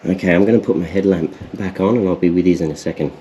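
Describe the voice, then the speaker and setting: A young Australian man vlogging as he explores inside a cave, excited and exclaiming often, recorded on an action camera. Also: low-pitched, fast, breathy edge, muffled recording. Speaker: outdoor adventure vlogger. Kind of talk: casual exploring commentary.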